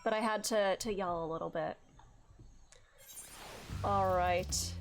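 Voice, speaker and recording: A woman's voice: on the low side, fairly even intonation, takes it slowly, long pauses, faint music behind. A woman streaming a video game while sick, chatting casually and rambling with lots of "like.". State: sick, saving her voice. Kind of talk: casual gaming commentary.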